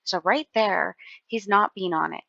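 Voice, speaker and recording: A woman's voice: mid-range voice, unhurried, vocal fry, bright, forceful tone, dry recording, muffled recording. A woman giving casual reaction commentary, rambling and exasperated, with lots of filler words. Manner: rambling, exasperated, heavy use of "like".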